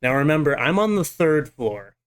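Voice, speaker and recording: A man's voice: a little high, very animated, normal speed, smooth. Young man telling a dramatic story. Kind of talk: casual storytelling vlog.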